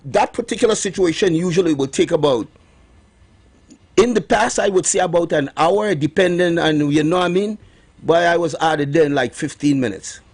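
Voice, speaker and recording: A middle-aged man with a Trinidadian accent hosting morning radio talk, emphatic and repeating his points slowly. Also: on the high side, slightly rough. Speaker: radio host promoting herbal remedies.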